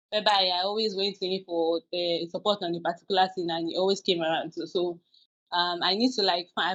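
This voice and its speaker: A woman's voice: mid-range voice, a bit bright, lo-fi sound. A woman hosting a podcast, giving frank, confessional advice in a casual, rambling way with many restarts. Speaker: podcast host.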